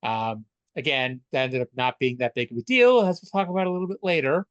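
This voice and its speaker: A man's voice: medium pitch, a little fast, clean tone, dry recording, dull audio. A man co-hosting a casual wrestling podcast, chatty and stammering through restarts, swearing freely. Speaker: podcast co-host. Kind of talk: casual wrestling recap chat.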